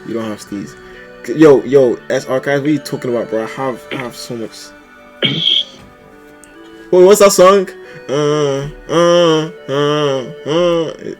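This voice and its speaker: A young man streaming live, chatting casually and animatedly, with sudden loud outbursts and laughter between mumbled asides. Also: a little high, takes it slowly, pauses often, soft background music. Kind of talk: casual livestream chat.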